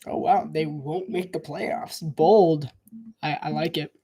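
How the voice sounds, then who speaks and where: A man with a somewhat high, warm voice that has a breathy edge delivers casual live football commentary at a slow pace with fairly even intonation. He rambles, repeats himself, keeps restarting his sentences, and coughs often as he mixes play-by-play with opinion chat.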